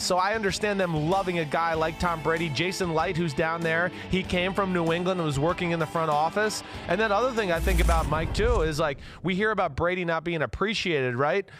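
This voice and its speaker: A middle-aged man and former quarterback co-hosting a casual sports talk show, rambling with many fillers and restarts. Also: high voice.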